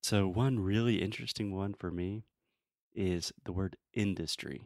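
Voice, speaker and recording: A man with a fairly low voice teaches English pronunciation in an easy, casual way. He models sounds slowly and patiently and laughs along the way. The sound is dry and close, with no room around it. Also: darkish tone, dry recording.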